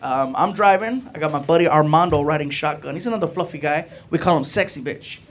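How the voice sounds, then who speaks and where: Man, stand-up comedian, high voice, animated storytelling, noisy live club recording. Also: fairly quick. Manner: animated, acts out friends' voices and yells.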